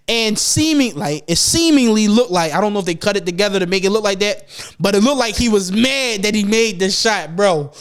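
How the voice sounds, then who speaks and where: A young man hosting a podcast, chatting casually and profanely, getting animated and louder as he gets excited. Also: high voice, clean tone. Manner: animated, profane storytelling, rising loud when excited. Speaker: podcast host. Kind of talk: casual chat.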